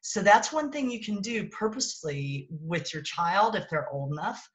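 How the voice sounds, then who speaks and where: A woman's voice: mid-range voice, animated, moderate pace, low-quality recording. A woman coaching parents in a casual live-stream talk, recorded on her phone, thinking aloud and correcting herself as she goes.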